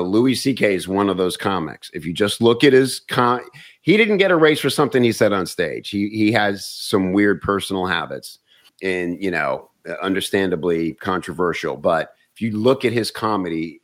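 Comedian guy telling stories, kinda low voice, animated, stumbles and repeats words. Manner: animated, restarts words often. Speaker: comedian and actor. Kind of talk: casual storytelling chat.

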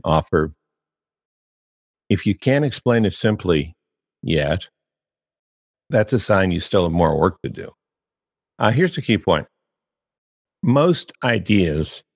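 A man's voice: low-pitched, in a large hall. An older man hosting a casual podcast about copywriting, musing and teasing with emphatic turns. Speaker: podcast host.

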